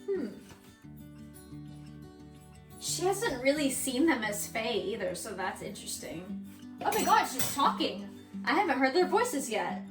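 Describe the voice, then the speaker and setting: A woman's voice: fairly high pitch, animated, measured pace. A young woman vlogger chatting casually about a book she is listening to, rambling with lots of fillers and self-corrections. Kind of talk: casual reading vlog chat. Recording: background music under the voice.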